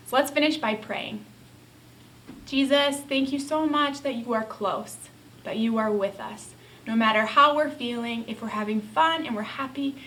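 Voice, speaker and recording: Bright-voiced woman teaching young children. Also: a little high, normal speed, slight background noise, poor audio. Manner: gentle, simple explaining to children. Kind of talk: children's Bible lesson and prayer.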